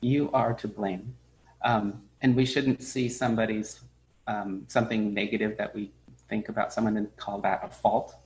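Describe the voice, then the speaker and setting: A man teaching as a Buddhist teacher in a dharma talk, speaking in a relaxed, halting way with many fillers and restarts, and telling stories in which he briefly acts out the people he quotes. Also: fairly low pitch, poor audio.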